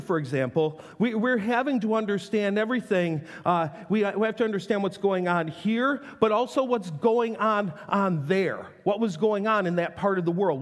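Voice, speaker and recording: A man in his forties preaching a conversational sermon in a church, earnest and prone to restarting his sentences. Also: high-pitched. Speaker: pastor. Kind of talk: sermon with prayer. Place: church sanctuary. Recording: long hall reverb.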